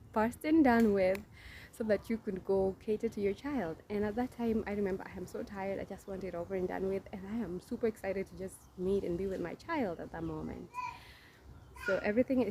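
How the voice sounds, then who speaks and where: A young mother chats to her viewers as she tells her birth story, casual and direct. Her pitch sits in the middle range. There is clear noise in the room around her. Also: mellow. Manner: chatty, addresses viewers directly.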